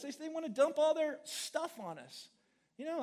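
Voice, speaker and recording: A male pastor with a strikingly high voice gives a lively sermon at a fairly quick clip. His folksy, humorous delivery swings from loud, emphatic bursts to quieter asides.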